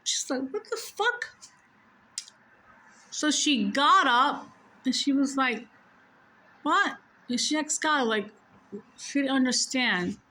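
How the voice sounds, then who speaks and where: A woman's voice: sits high, unhurried, bright, forceful tone, poor audio. A woman telling a personal story in a casual, rambling way, correcting herself often and swearing freely.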